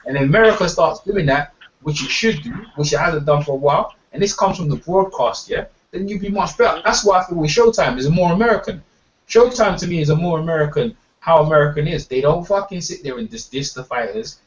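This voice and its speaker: A man's voice: fairly high pitch, a little fast, recorded from a distance. A man, hosting a boxing talk stream and ranting heatedly, profane and emphatic, repeating words as he gets worked up. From England. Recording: dull lo-fi sound, off mic.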